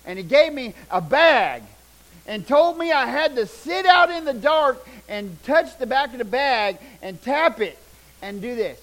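An older man preaching a sermon, telling folksy stories, loud one moment and hushed the next. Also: very high-pitched, measured pace, low-quality recording. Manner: folksy, animated, shouts punchlines, drops to hushed tones. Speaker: pastor. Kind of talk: sermon with storytelling.

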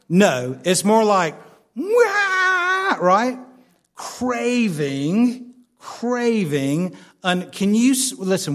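A man preaching with an unusually high voice and an earnest, heartfelt delivery. He stammers and restarts often, repeating his points for emphasis. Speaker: pastor. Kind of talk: sermon.

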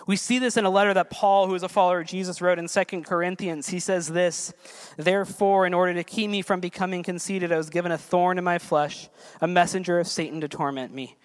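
A man preaching a sermon as a pastor, earnest, building to emphatic peaks and then dropping soft. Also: high-pitched, steady tone, quick pace, clear, resonant tone.

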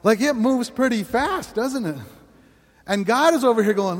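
High, lively male pastor preaching. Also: moderate pace, in a large hall. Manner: energetic, exclamatory, laughs often. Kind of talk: sermon.

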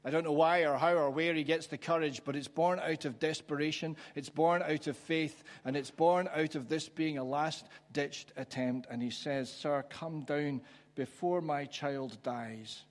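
A man preaching a sermon, reflective and conversational, pausing for emphasis. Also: on the high side, fairly even intonation. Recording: church hall with long reverb.

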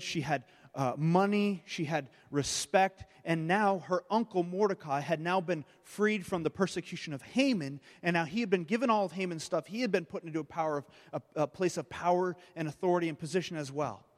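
Guy preaching, storytelling sermon, stumbles and repeats words, voice a bit high. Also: moderate pace, in a large hall. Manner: storytelling with frequent word repeats. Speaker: pastor.

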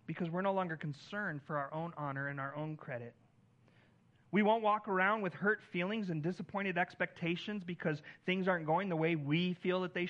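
A man preaching a sermon as pastor, earnest, lifting his voice on key lines and dropping it soft on others. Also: high voice, lo-fi sound.

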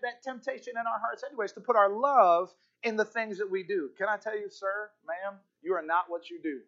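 A man preaching a sermon as pastor, fervent, repeating key phrases and slowing down to stress them. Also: sits high, a bit bright, muffled recording.

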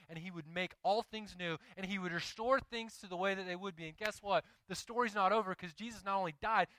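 A man with a Southern accent preaching a sermon in an animated, conversational way, slipping into quick acted asides. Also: sits high, clean tone, dry recording, poor audio. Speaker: pastor.

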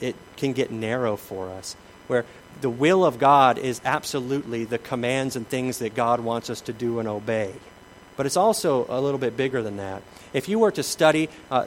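Guy preaching a sermon, mid voice, gets loud then goes soft, little hiss behind. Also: medium pitch, low-quality recording. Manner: animated preaching, acts out quoted voices, drops to soft asides. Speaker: pastor.

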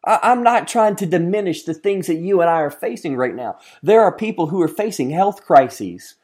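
A man preaching a sermon as a pastor, earnest, often asking the listeners questions and moving from emphatic lines to hushed ones. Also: sits high, lively intonation, normal speed. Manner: addresses listeners directly with questions.

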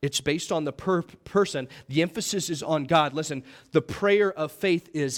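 A young man preaching a sermon as pastor, earnest and emphatic, often checking in with the congregation with "all right?" and "okay?", his voice rising when he mimics others and dropping low for prayers. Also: normal speed, few pauses. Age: young adult.

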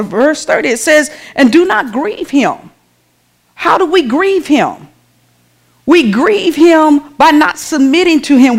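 Woman preaching to her congregation. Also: high-pitched. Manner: conversational, calls out to the congregation. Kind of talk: sermon. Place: church.

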